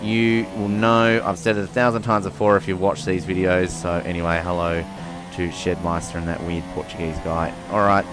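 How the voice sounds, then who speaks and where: Chatty man commentating a racing game. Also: on the low side. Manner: chatty, swears casually, excitable at race starts. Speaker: gaming channel host. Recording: game engine noise behind voice.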